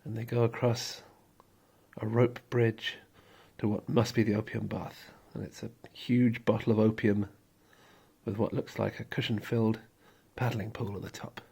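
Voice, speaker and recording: A male storyteller with a gravelly, husky voice narrates calmly. He speaks softly and draws out his phrases, pausing between them. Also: on the low side.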